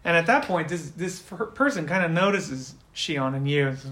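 A man runs a tabletop role-playing game as game master and narrates the scene. He talks in a slightly high voice and breaks into loud outbursts when he voices characters. The room gives his voice a noticeable echo. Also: expressive, moderate pace.

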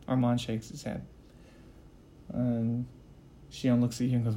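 A man narrating a tabletop role-play as game master, describing the scene in quick, loose speech with fillers. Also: medium pitch, completely flat delivery, mellow.

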